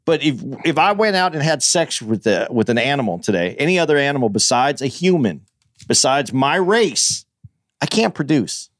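A man's voice: medium pitch, big pitch swings, normal speed, no echo. A man hosting a casual talk show, earnestly explaining his views and often restarting his sentences. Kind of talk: casual chat.

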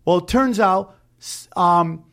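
High-voiced guy ranting on a podcast, cussing nonstop, all over the place. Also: slow, a bit bright. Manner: heated, rambling, swears constantly. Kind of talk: casual profane chat.

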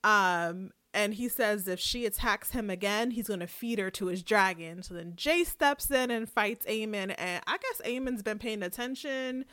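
Woman co-host, bright, lively recapper who laughs easily, dry studio sound. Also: medium pitch, moderate pace, few pauses, clean tone, no room sound. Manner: animated storytelling, laughs often. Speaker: podcast co-host. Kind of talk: casual TV episode recap.

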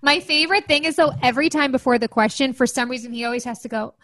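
Chatty woman co-host, slightly high voice. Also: quick pace, a bit bright, no room sound. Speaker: podcast co-host. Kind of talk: casual chat.

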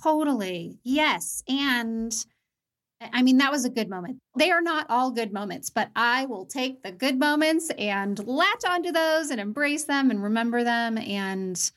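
Earnest higher-pitched woman host. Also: lively intonation, measured pace, fairly bright tone. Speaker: podcast host. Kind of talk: casual conversation.

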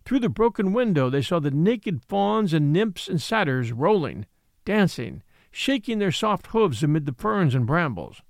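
A man narrating a classic ghost story aloud in a dramatic, expressive reading. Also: on the high side, a little slow, vocal fry, dry recording, studio quality. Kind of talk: scripted audiobook narration.

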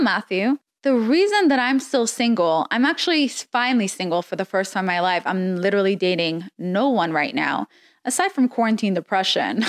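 A woman hosting a casual advice podcast, answering listener questions from her bed in a blunt, frank way with frequent giggles. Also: mid-range voice. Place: sitting in bed indoors.

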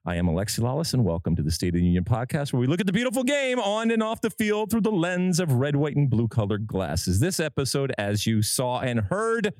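Animated male podcast host, lively pitch. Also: a little fast, few pauses, dry recording. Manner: animated, emphatic, swooping pitch. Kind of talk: studio podcast chat. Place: TV studio set.

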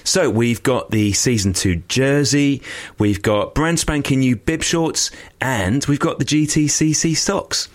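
A man's voice: mid-range voice, unhurried. A man co-hosting a podcast, cheerful and chatty as he tells stories in casual chat. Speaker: podcast co-host.

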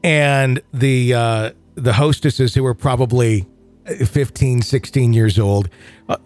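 A man's voice: medium pitch, darkish tone. A middle-aged man hosting a podcast, chatty and rambling as he tells stories in casual talk. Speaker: podcast host.

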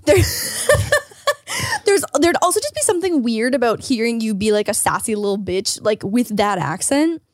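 A young adult woman co-hosting a podcast, chatting casually, excitable and gushing, laughing often. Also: a little high, moderate pace, no room sound, clean studio sound. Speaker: podcast co-host. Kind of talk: casual chat.

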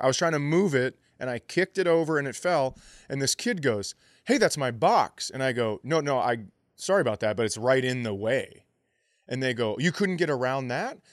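Middle-aged man, podcast co-host, animated comic storytelling, profane, dry close sound. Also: medium pitch, a little fast, no room sound. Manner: animated, profane, acts out quotes in raised voice. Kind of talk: casual comedic storytelling.

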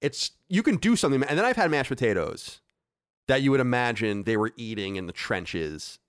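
Animated ranting man, dry sound. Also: mid-range voice, normal speed, no echo. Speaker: podcast host. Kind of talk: casual chat.

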